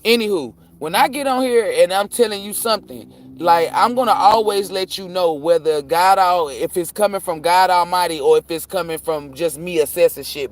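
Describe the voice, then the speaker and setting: A man reading tarot on a live stream, ranting casually and profanely, rambling and cutting himself off, jumping between loud bursts and low muttering. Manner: profane, rambling, self-interrupting; animated, jumps between shouting and muttering.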